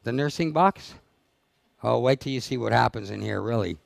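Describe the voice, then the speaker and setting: A man's voice: mid-range voice, normal speed, vocal fry, no echo. A man leading a dog training seminar, blunt and teasing as he fires questions at his audience. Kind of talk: live seminar talk to an audience. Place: seminar room.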